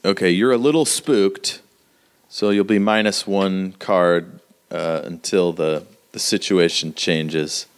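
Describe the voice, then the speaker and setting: A man narrating a tabletop role-playing game as game master, halting with many fillers. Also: deep voice, fairly even intonation, clear, resonant tone.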